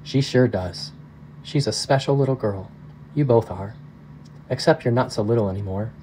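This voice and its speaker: A man reading as a gentle loving father. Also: mid-range voice, moderate pace, slight background noise, lightly acted, poor audio. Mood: soothing. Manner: soft, tender and reassuring.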